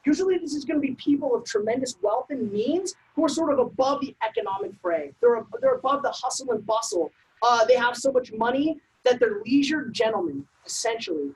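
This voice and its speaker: A woman presenting a civics workshop, lecturing in a brisk, conversational way with frequent ums and uhs. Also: on the high side, animated, darkish tone, low-quality recording. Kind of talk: informal lecture.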